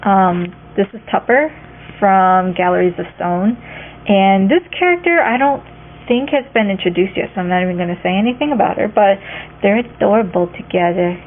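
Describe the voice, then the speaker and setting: A woman's voice: mid-range voice, moderate pace. A young woman rambling casually through her sketchbook, chatty with lots of asides and fillers. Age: young adult. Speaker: art vlogger. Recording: tinny phone-like audio with faint hiss.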